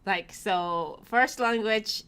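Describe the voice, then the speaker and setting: A woman's voice: mid-range voice, slow, a bit bright, clear, resonant tone. A woman co-hosting a live stream, chatting casually, often trailing off and filling with "like". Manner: chatty, trails off, many likes and backchannels. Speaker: co-host of a brand's weekly live stream.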